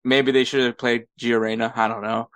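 A man hosting a football podcast, laying out the season's results in an orderly, even way. His voice is smooth and clear, recorded close with no room sound. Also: mid-range voice, dry recording. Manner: measured, methodical recapping with small laughs. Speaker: podcast host. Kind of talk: casual sports recap.

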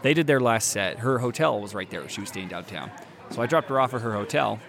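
A man's voice: mid-range voice, expressive, fairly quick, creaky, fairly bright tone, slight background noise. A man telling a long story in casual chat, rambling and profane, often laughing.

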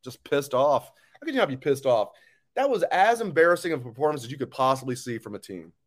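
A man's voice: mid-range voice, big pitch swings, quick pace. A man hosting a live sports talk stream, ranting angrily and bluntly, with swearing, as he reads viewer comments. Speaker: sports show host.

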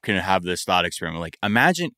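Animated, profane man co-hosting. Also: low-pitched, fast talker, dry recording, studio quality. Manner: profane, animated, acts out quoted voices. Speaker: podcast co-host. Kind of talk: casual chat.

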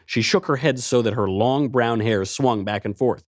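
A man's voice: medium pitch, normal speed, no room sound, clean studio sound. A man narrating a first-person adventure story in a tense, driving way.

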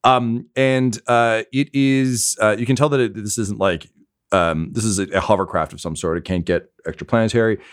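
A man's voice: lowish voice, fairly even intonation, normal speed, clear, resonant tone. A man narrating a tabletop game as game master, hesitant and full of filler words.

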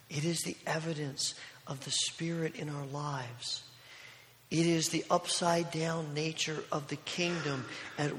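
A man's voice: fairly high pitch, slight background noise. Storytelling male pastor in reverberant hall. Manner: storytelling, from loud and urgent to hushed. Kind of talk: sermon. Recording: long reverb of a large hall.

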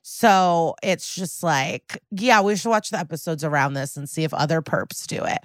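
Woman, low-pitched, dry close sound, wry snarky recap, casual podcast host. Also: moderate pace, no room sound.

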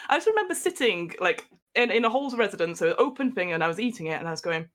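A woman's voice: mid-range voice, fast talker. A young woman from England on a podcast, telling a story in casual chat and laughing often as she goes. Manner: laughing storyteller, animated retelling. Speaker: podcast guest.

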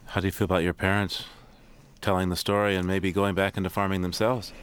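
Calm, measured male radio interviewer. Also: deep voice, clear, resonant tone.

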